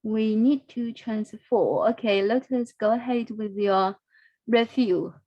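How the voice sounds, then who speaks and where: A woman leads an online English class, speaking slowly and encouragingly as she coaches pronunciation. Her voice sits fairly high. The sound is dry and close. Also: darkish tone, dry recording, muffled recording. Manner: slow, encouraging, repeats words for practice. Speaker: English teacher. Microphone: video call.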